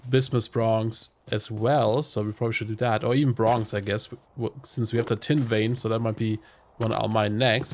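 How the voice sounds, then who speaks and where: A man with a cold, his voice congested and nasal, chatting casually and rambling as he hosts a gameplay video. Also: fairly low pitch. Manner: rambling, chatty, self-interrupting. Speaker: let's play host.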